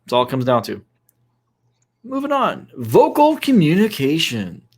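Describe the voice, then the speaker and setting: A man's voice: a little high, wildly swooping pitch, unhurried, slightly rough. A man co-hosting a casual podcast discussion, giving instructive advice with frequent fillers. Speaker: co-host.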